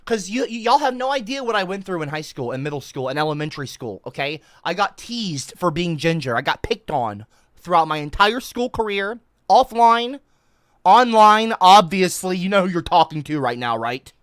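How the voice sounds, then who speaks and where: An online comedian giving a sarcastic, satirical rant about an article, swinging between heated outbursts and forced calm. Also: medium pitch, normal speed, no echo.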